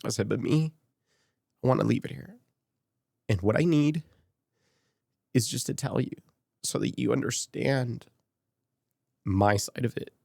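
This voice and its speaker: A man's voice: mid-range voice, unhurried, vocal fry, pauses often, darkish tone, no room sound, studio quality. A man from Las Vegas speaking as a podcast guest, telling a candid personal story and retelling past conversations in quoted dialogue, emotional and choked up at times. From Las Vegas, USA.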